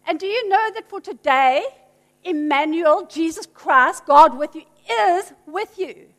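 A woman's voice: very high voice, animated, unhurried, a bit bright. A woman preaching a sermon, emphatic and teasing with playful asides. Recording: long hall reverb.

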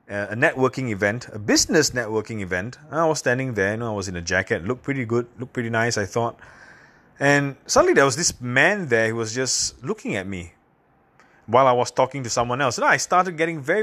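A man's voice: mid-range voice, fairly bright tone. Candid man telling stories. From Singapore. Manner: candid, halting, self-deprecating storytelling. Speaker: podcast host. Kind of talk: casual personal monologue.

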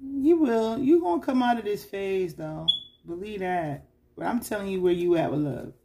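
A woman talks straight to her viewers in a loose, chatty tarot reading, full of slang and "you know what I mean?". She teases and scolds the listener and breaks into sudden loud exclamations. Her voice sits at an ordinary middle pitch. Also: moderate pace, slight background noise. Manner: chatty, slangy and playful, often asks "you know what I'm saying?". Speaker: tarot reader.

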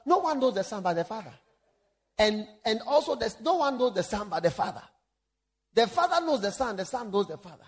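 A man preaching a sermon, moving between loud emphatic calls and hushed prayer. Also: high-pitched, slightly rough.

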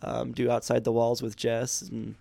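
Male podcast co-host, hoarse and tired, gravelly, dry close sound. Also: mid-range voice, monotone, moderate pace, dark tone, no echo. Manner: easygoing, storytelling. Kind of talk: casual chat.

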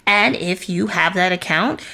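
A woman's voice: lowish voice, unhurried, vocal fry, sharp tone. A woman co-hosting a podcast in casual chat, playful and talkative, often correcting herself mid-sentence. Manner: chatty and playful, with frequent self-corrections. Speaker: podcast co-host.

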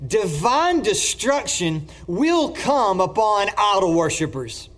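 A man preaching a sermon emphatically, swinging between loud declarations and hushed lines. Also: sits high, big pitch swings, takes it slowly.

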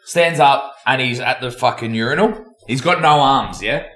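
Guy with a bright sharp voice telling dirty jokes, swears a lot, echoey room. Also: medium pitch, normal speed. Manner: crude, swearing, laughing storyteller. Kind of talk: casual chat, telling long jokes.

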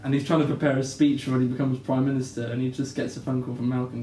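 A man hosting a casual podcast chat, telling animated stories with plenty of swearing and laughter. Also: medium pitch, quick pace, few pauses. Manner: animated storyteller, swears freely, laughs often. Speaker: podcast host. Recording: roomy, distant mic, faint hiss.

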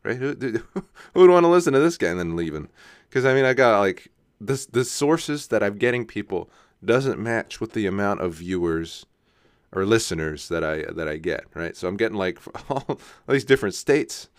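A young man talks his way through a loose solo podcast. He laughs at himself and keeps asking "right?" as he goes. His fairly low voice sounds smooth and close, with almost no room sound. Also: animated, moderate pace, no echo. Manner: casual, self-mocking, laughs often, says "right?" a lot. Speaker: podcast host. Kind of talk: rambling solo podcast monologue.

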